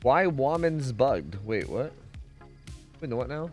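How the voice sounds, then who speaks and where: A young man streaming a game, talking casually and swearing often. His pitch swings widely from low mutters to high yelps, and faint music plays behind him. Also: big pitch swings, takes it slowly. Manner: profane, rambling, reacts loudly to chat. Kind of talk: casual gaming stream chat.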